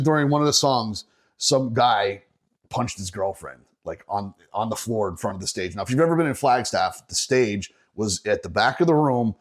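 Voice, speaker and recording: A middle-aged man from Northeastern Pennsylvania, a bassist guest on a podcast, telling a rowdy story in a casual, profane way and often breaking into laughter. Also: a bit bright.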